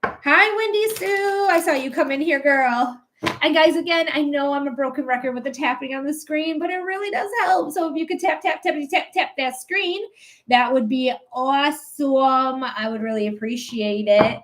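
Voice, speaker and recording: High-voiced woman doing a psychic livestream. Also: moderate pace, fairly bright tone, a little hiss or hum. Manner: affectionate toward viewers, calls them my love; rambling, with many fillers and restarts. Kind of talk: casual livestream chat and psychic reading.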